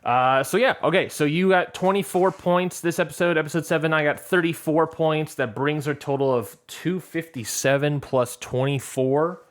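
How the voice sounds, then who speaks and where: A man's voice: a little high, moderate pace, hardly any pauses. A man co-hosting a podcast in casual chat, teasing and joking with his co-host. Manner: teasing, playful banter.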